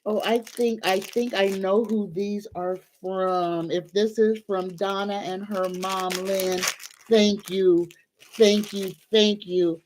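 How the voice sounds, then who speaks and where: A woman's voice: medium pitch, fairly even intonation, a little mellow, slight background noise. A woman hosting a casual livestream as a tarot reader, gushing and grateful. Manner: gushing and grateful, talks slowly.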